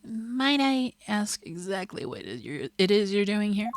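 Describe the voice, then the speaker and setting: A woman's voice: medium pitch, very animated, moderate pace, slight background noise, close to an everyday voice. A woman voicing an irritated, dismissive young female detective. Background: game music.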